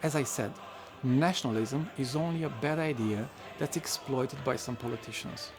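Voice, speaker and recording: Gravelly man narrating an essay. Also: mid-range voice, normal speed, music in the background. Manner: reflective, occasional wry asides.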